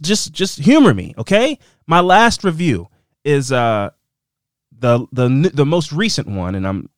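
Young male podcast host, playful and lively, close dry mic. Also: medium pitch, no echo. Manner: animated, playful, jumps between loud and soft. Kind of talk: casual podcast monologue reading listener reviews.

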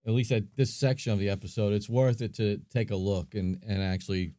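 A man's voice: fairly low pitch, steady tone, a little fast, warm tone, no room sound, clean studio sound. A man co-hosting a podcast, chatting casually and thinking aloud with plenty of fillers. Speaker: podcast co-host. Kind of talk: casual chat.

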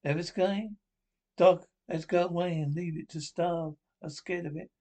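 A man playing a jittery young lab assistant in an old-time radio drama, folksy and whiny, always pleading with his boss. The voice runs high for a man. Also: steady tone, moderate pace, dark tone, lightly acted. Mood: frightened. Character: timid frightened young male lab assistant. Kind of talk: 1930s radio acting.

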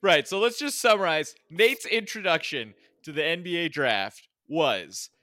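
A man co-hosting a podcast in a slow, wry, laughing way. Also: a little high, lively intonation, bright, forceful tone, no room sound, clean studio sound, soft background music. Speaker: podcast co-host. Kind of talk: casual chat.

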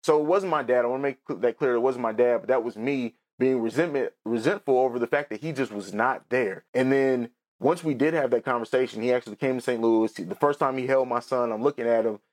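A man's voice: mid-range voice, a little fast, hardly any pauses. A man in his thirties hosting a podcast, telling a personal story in a candid, rambling way with many restarts and some tears. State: tearful. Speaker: podcast host.

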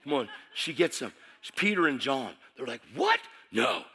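Passionate guy preaching, bright sharp voice, emphatic, repeats stuff. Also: mid-range voice, lively intonation, normal speed, husky. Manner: passionate and emphatic, repeats phrases, swings from hushed to shouting. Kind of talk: sermon.

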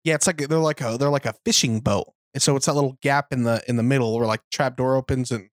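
Male co-host, average pitch, hesitant conversational delivery, dry close mic. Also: steady tone, fast talker, no room sound. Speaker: podcast co-host. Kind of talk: casual chat.

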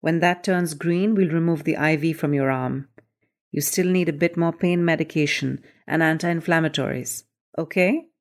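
A woman voicing a calm male doctor in a story reading, speaking in a firm, measured way. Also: deep voice.

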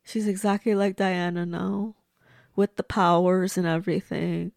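A woman gives a casual movie reaction, talking back at the screen with blunt, gushing remarks. Her voice is gravelly and she takes her time over each comment. The recording is close and dry. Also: lowish voice, flat delivery, a little slow, a little mellow, dry recording. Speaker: movie reviewer.

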